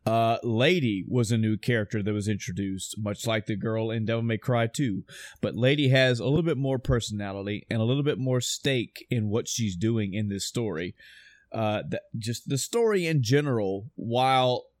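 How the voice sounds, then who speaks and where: A man's voice: lowish voice, normal speed, no room sound. A man talking casually about a video game, swearing often and rambling with enthusiasm. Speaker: podcast host reviewing a video game. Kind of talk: casual chat.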